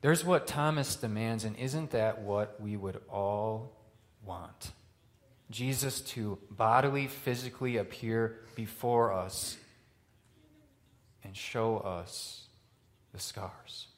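A male pastor preaching a sermon, swinging from loud, rising questions to quiet, hushed lines. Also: on the low side, takes it slowly.

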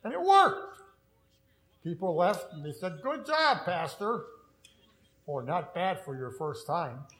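A man's voice: on the high side, sing-song, slow, pauses often, a bit bright, roomy sound, rough recording. A man who is a pastor, preaching an earnest sermon with storytelling and self-deprecating humor.

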